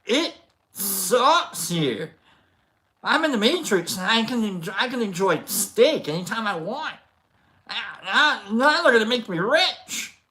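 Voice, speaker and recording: A host putting on a disgruntled man who has had enough of reality. He whines with a raised, strained pitch and climbs into shouting. The delivery is loose and unpolished, in a casual chat-stream manner. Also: expressive, unhurried. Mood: exasperated. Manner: whiny, rising to a shout.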